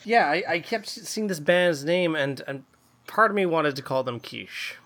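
A man with a bright, sharp-edged voice co-hosts a casual music podcast. He talks in a rambling, hesitant, self-deprecating way, full of restarts. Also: on the high side, animated, normal speed. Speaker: podcast co-host, voice actor. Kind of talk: casual chat.

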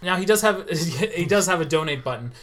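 Fast-talking man in casual chat. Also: on the high side, lively intonation, fairly bright tone, a little hiss or hum. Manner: quick, enthusiastic, playful. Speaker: podcast co-host.

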